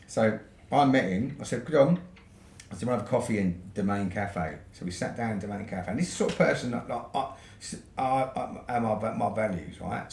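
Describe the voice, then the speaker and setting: A man from the UK with a British accent, a podcast guest telling a long story in a casual way, swearing freely and ending points with "right?". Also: fairly low pitch. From United Kingdom. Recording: roomy echo with faint noise.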